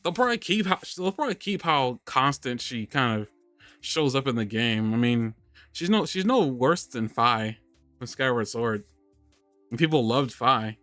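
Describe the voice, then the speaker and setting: A man's voice: medium pitch, expressive, moderate pace, a bit bright, no echo, faint music behind. A man hosting a live podcast, chatting casually and rambling, restarting his sentences and laughing often. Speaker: podcast host. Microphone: studio microphone on a live stream.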